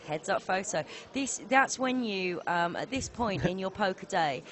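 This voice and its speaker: A woman from southern England doing live poker tournament commentary, chatty and quick with asides and laughter. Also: mid-range voice, lively intonation.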